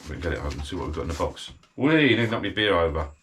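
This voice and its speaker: A man's voice: sits low, lively intonation, racing, a bit bright, a little hiss or hum. A middle-aged British man chatting casually while he unboxes a gadget, rambling and thinking aloud as he goes. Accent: British English.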